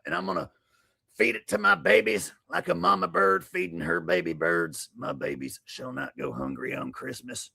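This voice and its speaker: A man's voice: fairly high pitch, pushed and bright, exaggerated voice. A man doing a comic impression of a bellowing, crude male conspiracy talk-show host. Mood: crude gloating. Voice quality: gravelly, husky. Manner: bellowing, crude, manic rant.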